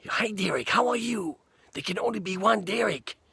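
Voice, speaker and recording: A man doing a cheery high-voiced movie star. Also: lively intonation, moderate pace, gravelly, sharp tone, husky, heavily acted. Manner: cheery, jokey greeting. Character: friendly middle-aged male movie star.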